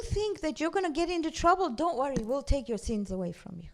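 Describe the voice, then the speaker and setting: A woman's voice: sits high, very animated, a little fast, hardly any pauses. A woman teaching a Quran class at a mosque. She talks conversationally with asides, recites Arabic verses and translates them. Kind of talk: religious class lecture. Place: mosque hall.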